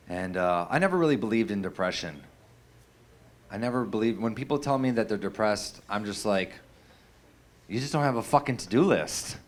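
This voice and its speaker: This young adult comedian works a live audience on a comedy stage, spinning loose, profane stories full of fillers and restarts. His voice is on the low side, and the recording has a little hiss or hum.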